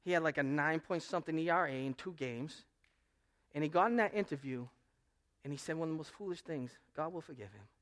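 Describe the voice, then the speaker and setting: A male pastor preaching a sermon, swinging between loud proclamation and quiet asides. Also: on the high side, fairly quick.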